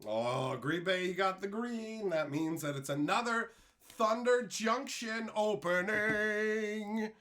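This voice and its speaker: A man live-streaming a card pack opening, reading chat and going off on loud, profane, mock-angry rants. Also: high-pitched, slow pace, slight background noise.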